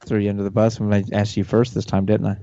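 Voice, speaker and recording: A man's voice: fairly low pitch, level tone, fast, mellow, dry recording. A man from Ohio co-hosting a radio show, joking and laughing through casual chat. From Ohio, USA. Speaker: co-host. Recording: slightly muffled dry sound.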